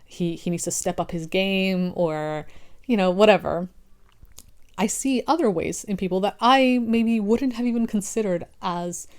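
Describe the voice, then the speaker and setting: A woman's voice: mid-range voice, unhurried, a little mellow, smooth. A young woman creator talking earnestly about relationships and personal growth, rambling with restarts and fillers. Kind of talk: casual reflective monologue.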